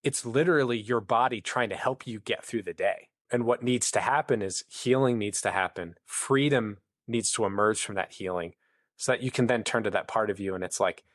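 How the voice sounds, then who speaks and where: A man's voice: lowish voice, normal speed, a bit bright, no echo, clean studio sound. Earnest man explaining at length. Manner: long-winded, earnest, acts out inner voices. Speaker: podcast guest. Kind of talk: conversational explanation.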